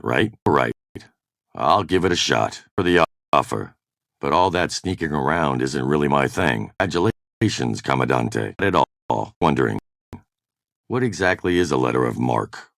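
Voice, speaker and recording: An actor playing a hard-bitten, mercenary privateer captain in video game voice-over takes, with curt, sardonic lines. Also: male voice, a bass voice, vocal fry, fairly bright tone, no echo, studio quality, exaggerated voice. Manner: curt, sardonic one-liners. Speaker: voice actor in game recording sessions.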